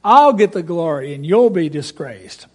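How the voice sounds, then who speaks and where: A man voicing God as a calm, assured Lord in rhymed verse. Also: fairly high pitch, slightly rough. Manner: measured, assured rhymed speech.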